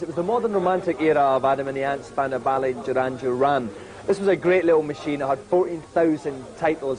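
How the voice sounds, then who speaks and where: A man's voice: a little high, a little mellow. A man in his twenties from Britain, presenting old games with jokey, self-mocking nostalgia. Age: 20s. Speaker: guest presenter. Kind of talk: reminiscing presentation to camera. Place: retro games exhibition in a shop.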